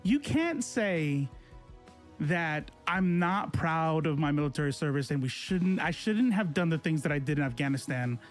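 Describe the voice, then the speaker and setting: A man's voice: a little high, normal speed, few pauses, faint music behind. A man in his forties, a political streamer, ranting to his chat in a confrontational, sarcastic way. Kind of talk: casual livestream rant to chat.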